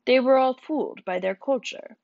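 A woman voicing a huge, wild village idiot who turns out to be a calm philosopher, speaking slowly and bluntly. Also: sits high, creaky, no room sound, voice pushed up. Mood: calm, preaching. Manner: slow, simple, blunt speech. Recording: dull, dry sound.

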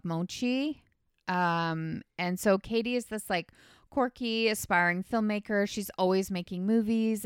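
Smooth low-voiced woman recapping a movie. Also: a bit bright, no room sound, clean studio sound. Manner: rambling plot retelling full of "like" and "um". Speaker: podcast host. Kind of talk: casual movie recap chat.

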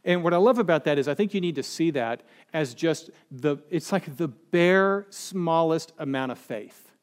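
A man's voice: on the high side, expressive, moderate pace, smooth. Man preaching a chatty, joking sermon. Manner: chatty, joking, acts out quoted people. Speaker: pastor. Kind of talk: conversational sermon.

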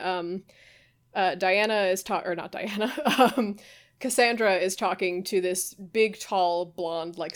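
A woman's voice: mid-range voice, smooth. Casual podcast co-host, a woman in the middle of her range, loose profane storyteller who laughs as she goes. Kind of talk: casual chat recapping a video game plot.

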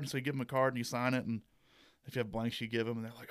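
A man's voice: mid-range voice, fairly even intonation, fast, a bit bright. A young man, a university mascot performer, chatting as a guest in an easygoing, rambling way. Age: young adult. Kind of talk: casual interview chat.

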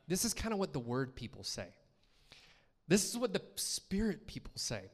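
A male guest preacher delivers a sermon in a church. His voice sits a little higher than most men's. He keeps it conversational and often turns to the congregation with questions. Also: very animated, moderate pace.

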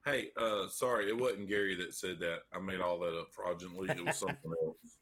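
A man's voice: low-pitched, fairly even intonation, brisk, a bit bright. A man co-hosting a casual live stream, joking and putting playful questions to his guests. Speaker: podcast co-host.

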